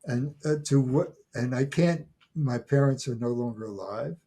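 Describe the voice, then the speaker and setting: A man in his eighties, a guest on an interview podcast, speaking haltingly and often repeating words as he restarts his sentences. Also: medium pitch, dark tone, breathy edge. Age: 80s. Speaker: guest, folklore scholar. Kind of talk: conversational interview.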